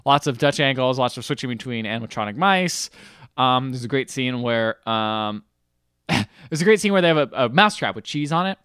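A man's voice: mid-range voice, expressive, moderate pace, fairly bright tone, clear, resonant tone, dry recording, studio quality. A man casually recapping a film on a podcast, wry and sarcastic with joking asides. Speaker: podcast co-host.

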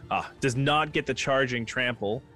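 A man running a tabletop game, his pitch sitting squarely in the middle for a man. He narrates combat in a relaxed, rambling way, stopping to count dice aloud. Soft music plays faintly in the background. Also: normal speed. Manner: casual, loose narration full of fillers and restarts, counts dice aloud. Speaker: game master.

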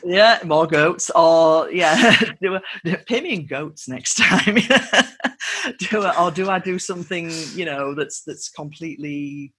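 Guest: husky woman in her forties, sarcastic, laughs a lot. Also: sits low, measured pace, fairly bright tone. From northern England. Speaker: podcast guest. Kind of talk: casual interview chat.

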